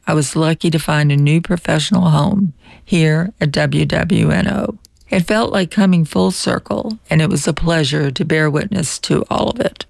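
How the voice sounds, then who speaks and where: Older woman radio host, gravelly edge, measured scripted read, dry studio sound. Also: on the low side, a little mellow, no room sound. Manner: measured, reflective reading. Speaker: radio book show host. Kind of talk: scripted farewell radio monologue.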